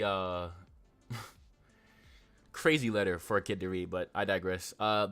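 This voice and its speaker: A man's voice: on the low side, fairly bright tone. A man streaming live, reading comic pages aloud and chuckling with his chat.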